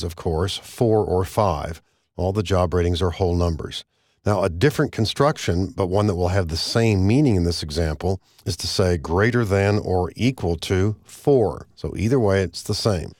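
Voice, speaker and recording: A man narrating a screen-recorded software tutorial, explaining each step in a measured, methodical way. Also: sits low, dry recording, studio quality. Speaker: software instructor.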